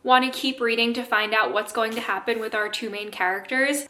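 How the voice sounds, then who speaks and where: A young woman talks in a casual reading vlog, chatty and enthusiastic, her words full of fillers as she rambles on. She is a little out of breath the whole time. Her voice is bright and crisp, and the room around her sounds echoey. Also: a little high, steady tone, a little fast. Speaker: book vlogger. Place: home.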